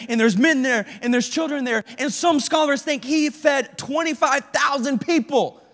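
A youth pastor with a very high voice delivers an animated youth sermon in casual slang, acting out people's prayers. A long reverb makes him ring out as if in a large hall.

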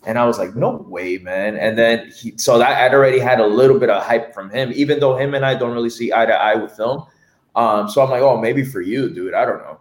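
A man co-hosting a casual film podcast, telling stories in an animated way and swearing freely. His voice sits at a middle pitch. The room around him is echoey. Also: fairly quick. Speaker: podcast co-host. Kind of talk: casual film review chat.

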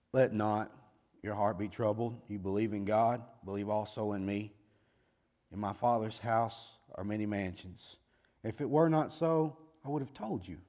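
The speaker is a middle-aged preacher, his pitch fairly low, giving a sermon that moves between slow, soft speech and bursts of loud hollering.

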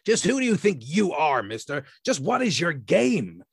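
Man voicing a sneering tough guy: nasal, high, snarls and threatens. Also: big pitch swings, moderate pace, vocal fry, breathy edge, no echo, studio quality, heavily acted. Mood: threatening.

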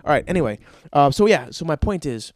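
A man's voice: a little high, big pitch swings, a little fast, dry recording, clean studio sound. A young man hosting a podcast, telling crude stories and ranting with a lot of profanity. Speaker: podcast host. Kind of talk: crude comedic storytelling podcast.

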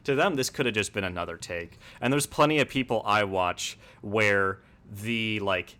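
A young man on a podcast talks things through in a relaxed, reflective way. His voice is low but bright and forceful, and he lays out his points at length in casual conversation. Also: moderate pace. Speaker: podcast guest, video essayist.

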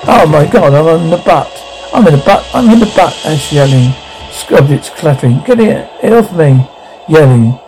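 An actor playing a brash, crude, wisecracking man who yells in panic and swears freely in TV horror-comedy dialogue. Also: a little high, lively intonation, moderate pace, soft background music, poor audio. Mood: panicked. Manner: yelling, panicked and profane.

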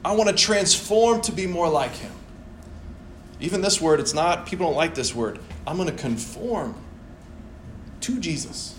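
Young guy preaching, kinda high voice, playful and animated, echoey church hall with faint room noise. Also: moderate pace, pauses often. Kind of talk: sermon.

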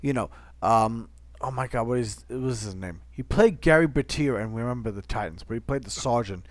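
A man's voice: medium pitch, a little fast, dry recording. A man co-hosting a podcast in casual chat, earnest and repetitive, often restarting his sentences. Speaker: podcast co-host.

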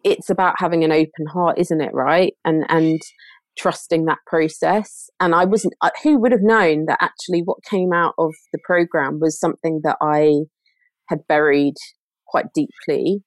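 A woman's voice: low voice, steady tone, moderate pace, dry recording. A woman speaking as a podcast guest in a casual chat, earnest and reflective, often restarting her sentences.

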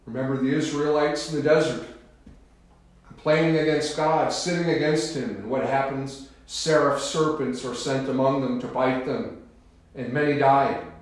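A man preaching a sermon in a solemn, emphatic, deliberate manner, pausing to stress key words, in a church. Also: mid-range voice, steady tone. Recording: very echoey room.

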